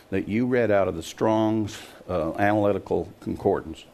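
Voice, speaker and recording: A man's voice: fairly low pitch, gravelly, a little mellow. An older man preaching a sermon, emphatic and scoffing, often putting questions to his listeners. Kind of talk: sermon to a congregation.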